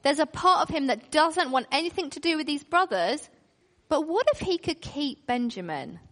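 A woman preaching a sermon, retelling a story with expressive, emphatic delivery and pauses. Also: sits high, in a large hall.

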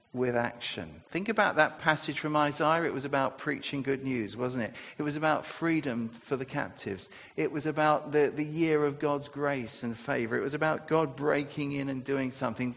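A man's voice: mid-range voice, vocal fry, fairly bright tone, long reverb tail. A man preaching a sermon in a conversational way, asking his listeners rhetorical questions.

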